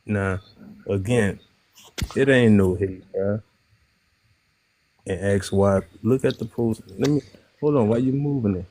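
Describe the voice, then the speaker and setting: A man's voice: fairly low pitch, a little slow, long pauses, warm tone. Blunt New Orleans man in his thirties. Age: 30s. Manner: blunt, slangy, emphatic. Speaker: panel guest. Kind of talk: live online panel discussion.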